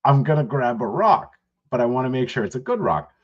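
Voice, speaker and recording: Podcast co-host, male, husky lowish voice, loose swearing storyteller, dull lo-fi sound. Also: big pitch swings, a little fast. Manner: rambling, profane storytelling with laughs. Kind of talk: casual podcast chat.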